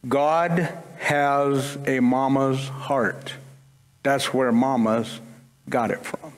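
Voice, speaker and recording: A man's voice: mid-range voice, steady tone, drawn-out words. A man preaching a sermon to his congregation, casual and conversational, with humorous asides. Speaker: pastor. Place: church sanctuary. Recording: long church-hall reverb.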